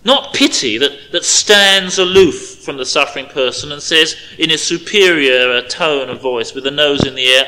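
A man preaching an expository sermon, stressing key words and dropping to quiet asides. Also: fairly high pitch, expressive, moderate pace, poor audio.

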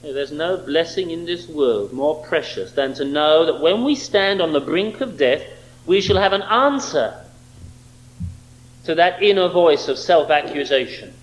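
A man's voice: a little high, lively intonation, unhurried, rough recording. A man preaching a sermon, emphatic and fond of rhetorical questions.

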